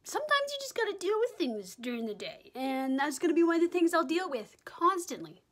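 A woman's voice: high-pitched, big pitch swings, brisk. A young woman vlogging casually at home into the camera mic, chatty and rambling with lots of likes and ums. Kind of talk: casual vlog chat to camera.

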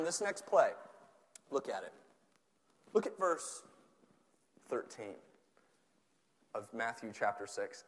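A man from Tennessee with a Southern accent, preaching an animated, joking sermon in a church, swelling at times to near shouts. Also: medium pitch, slow pace, long pauses. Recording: long hall reverb.

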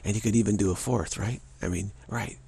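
A man with a low voice leads a spiritual practice talk. His tone is gravelly and very breathy. He talks in a halting, musing way, restarting sentences and circling back over the same phrases. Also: fairly even intonation, dark tone. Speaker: spiritual teacher.

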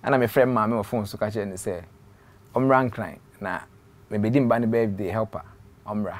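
A man with a Ghanaian accent telling his story in an interview, dropping to quiet trailing phrases and slipping in English words. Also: lowish voice, fairly even intonation, normal speed. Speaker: interview guest.

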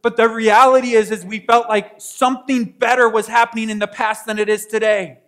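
A male pastor with a notably high voice preaches to his congregation in a conversational style. He keeps asking rhetorical questions and voices his own prayers aloud. His delivery moves between hushed asides and sudden loud bursts. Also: flat delivery, a little fast. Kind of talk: sermon.

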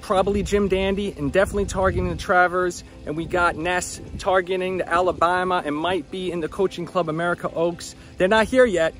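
A man hosting a casual walk-and-talk vlog at a racetrack barn, excited and chatty, sometimes stumbling over his words, recorded outdoors on a handheld camera. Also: high voice, fairly quick, hardly any pauses, faint music behind. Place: outdoors at a horse barn shed row.

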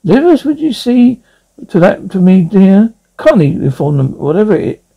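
A man's voice: high-pitched, sing-song, moderate pace, creaky, mellow, breathy edge, heavily acted, low-quality recording. A man voicing a snobbish, fussy middle-aged woman with affected genteel diction in a one-man comedy radio reenactment. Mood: commanding. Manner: affected genteel refined diction, self-important.

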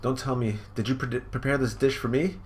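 A man voicing a gentle, dying queen mother who speaks tenderly to her son. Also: mid-range voice, fairly even intonation, a little fast, pitched above the performer's own voice, lightly acted.

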